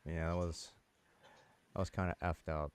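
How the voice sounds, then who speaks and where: Chatty low-voiced man telling a story. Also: level tone, moderate pace, a little hiss or hum. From United States. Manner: chatty, laughs between sentences. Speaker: streamer. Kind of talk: casual storytelling while gaming.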